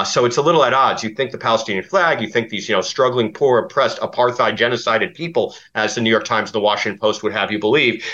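Guest, man, bright pushy tone, rambling storyteller, dull lo-fi line. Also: fairly low pitch. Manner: rambling, with many fillers and restarts. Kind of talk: podcast interview.

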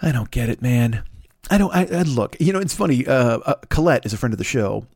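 A man's voice: mid-range voice, expressive, brisk, darkish tone, slightly rough, no room sound. Fifty-something guy ranting alone on his podcast at home, swears a lot, dry close mic. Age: 50s. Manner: rambling, profane, self-mocking, with many restarts and fillers. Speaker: podcast host. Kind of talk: solo late-night podcast rant. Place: home, at a desk with a laptop. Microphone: plugged-in podcast microphone.

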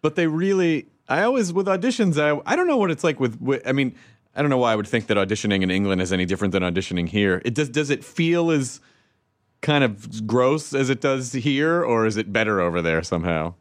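A man's voice: medium pitch, expressive, brisk. A man hosting a casual interview, playful and teasing, laughing easily. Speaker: podcast host.

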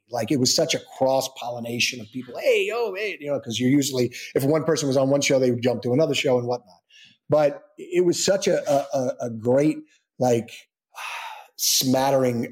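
A man guest in an interview telling a long personal story in a casual way, with many restarts and quoted dialogue he acts out. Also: mid-range voice. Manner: rambling, with frequent restarts and acted-out quotes.

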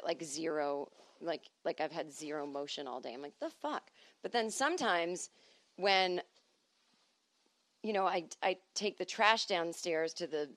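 At home, a woman hosts a podcast by herself, spinning wry, rambling stories in a chatty monologue packed with asides and quoted voices. Her voice is fairly low in pitch and a bit bright, with no echo.

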